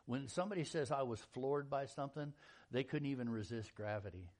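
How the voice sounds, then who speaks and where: A man preaching a sermon in a folksy, animated storytelling style, acting out quotes and jokes. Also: mid-range voice, brisk. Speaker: pastor.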